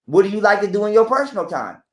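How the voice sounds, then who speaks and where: A man with a high voice lecturing his audience in blunt, profane terms. He sounds like he is talking live in a roomy, echoing space. His delivery is preachy and direct. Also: very animated, quick pace. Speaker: podcast guest. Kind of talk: casual live-stream talk.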